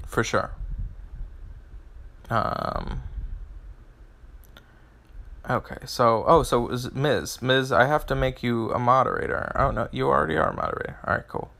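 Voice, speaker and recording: A man's voice: medium pitch, measured pace, gravelly, pauses often, bright, forceful tone. A man hosting a live game stream, answering chat and reading out game stats in a rambling way, often restarting his phrases.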